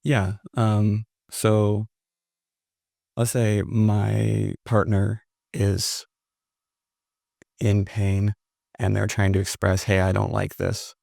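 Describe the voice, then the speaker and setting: A man with a low voice that has a gravelly, creaky texture hosts a podcast. He asks his questions hesitantly and searches for his words. The sound is dry and close. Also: completely flat delivery, extremely slow, pauses often, a little mellow, dry recording. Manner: hesitant, searching, many fillers. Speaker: podcast host. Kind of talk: interview questions.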